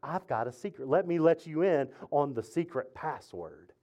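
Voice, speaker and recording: A man's voice: on the high side, expressive, normal speed, warm tone. A male pastor delivering a conversational sermon, driving points home through repetition and building to fervent exhortation. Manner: conversational preaching, emphatic repetition, rising to exhortation.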